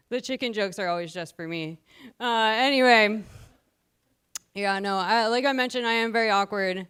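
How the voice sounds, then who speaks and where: A woman's voice: medium pitch, normal speed, a bit bright, smooth. A woman in her thirties doing a self-deprecating stand-up comedy set, out of breath and laughing at her own jokes.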